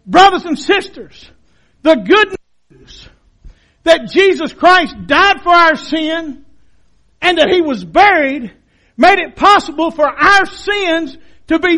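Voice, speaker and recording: A man preaching a sermon as pastor, dramatic and impassioned, dropping to a hush and then rising to shouts. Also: very high voice, a little slow. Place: church sanctuary.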